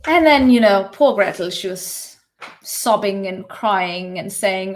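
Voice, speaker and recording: A workshop host leads an online session, retelling a fairy tale in a relaxed, conversational style. Speaking slowly in a mid-range voice, she often checks in with "you know" and "right?".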